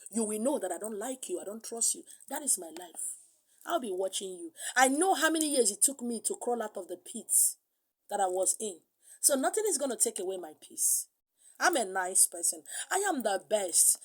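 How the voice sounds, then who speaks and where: A middle-aged woman with a Nigerian accent preaching a sermon, animated, slipping into pidgin and acting out other voices. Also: medium pitch, fairly quick, slightly rough. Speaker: spiritual teacher.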